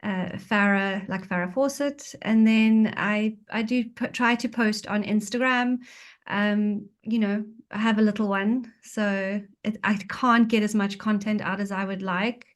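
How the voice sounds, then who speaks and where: Soft-spoken, emotional woman guest. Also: medium pitch, fairly even intonation, a little slow. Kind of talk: casual chat on a video call.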